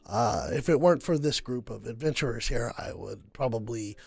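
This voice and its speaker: A man voicing a carefree young male noble in a tabletop game, speaking hesitantly with halting starts. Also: mid-range voice, creaky, breathy edge, dry recording, voice pushed down. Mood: earnest.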